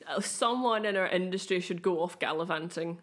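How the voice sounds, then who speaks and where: A woman's voice: fairly low pitch, a little fast, a bit bright. A woman co-hosting a podcast in casual chat, teasing and laughing often. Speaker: podcast co-host.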